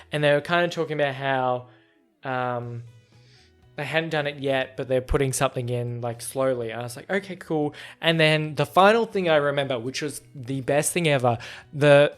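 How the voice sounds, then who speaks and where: A young man with a fairly high voice tells a personal story, chatty and animated, and he jumps up in pitch whenever he quotes someone. Faint music plays underneath. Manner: animated, acts out quotes in a higher voice. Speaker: podcast host. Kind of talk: casual storytelling monologue.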